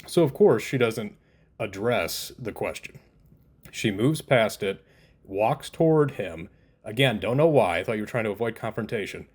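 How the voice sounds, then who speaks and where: A man's voice: fairly low pitch, animated, normal speed, breathy edge. A man giving a casual spoken TV review, exasperated and incredulous, often laughing in disbelief. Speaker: TV show reviewer.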